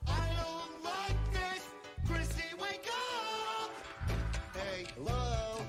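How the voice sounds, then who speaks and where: A man's voice: extremely high pitch, animated, drawn-out words, fairly bright tone, no room sound, studio quality, heavily acted. An actor playing a panicked young man calling out to a friend, heard as a clip played with music underneath.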